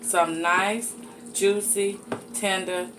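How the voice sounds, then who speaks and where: A woman's voice: medium pitch, little pitch movement, very slow. Woman, cooking host, folksy chat, home kitchen, background noise. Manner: folksy, chatty, addresses viewers as y'all and honey. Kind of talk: casual cooking demonstration.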